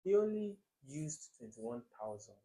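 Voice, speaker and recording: A man's voice: a little high, sing-song, unhurried, mellow. Emphatic man teaching English. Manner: emphatic teacher, repeats words and quizzes the viewer. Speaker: exam tutor. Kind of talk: recorded exam-prep lesson.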